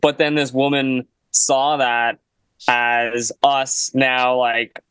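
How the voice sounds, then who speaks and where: A man's voice: mid-range voice, flat delivery, drawn-out words, fairly bright tone, clear, resonant tone, no echo, rough recording. A young man, a guest musician, telling a casual story in a laid-back way, full of "like" and "you know.". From Canada.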